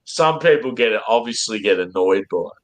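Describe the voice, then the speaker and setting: A man's voice: on the low side, animated, fairly quick, rough recording. A man from Australia with an Australian accent, chatting in a laid-back way on a drinking stream. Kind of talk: casual drinking-stream chat.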